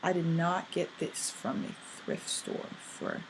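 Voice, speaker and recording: A young woman from England talks in a bubbly, chatty way with a British accent, her voice sitting on the lower side. She fills her lines with likes and ums. A faint ambient hum sits behind her. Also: monotone, slow pace. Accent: British English. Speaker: vlogger. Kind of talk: casual vlog monologue.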